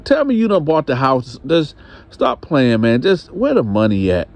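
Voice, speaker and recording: A man playing a heartbroken trucker husband, pleading in halting words. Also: medium pitch, huge pitch swings, a little mellow, voice pushed up. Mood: pleading, despairing.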